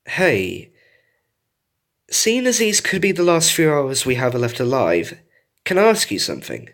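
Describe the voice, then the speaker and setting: A man's voice: mid-range voice, huge pitch swings, measured pace, fairly bright tone, voice pushed up, exaggerated voice. Casting note: man playing an earnest young fox, worn out, voice raised a little above his own. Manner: earnest, tired. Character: young male fox, weary but caring. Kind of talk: reading a fan story aloud.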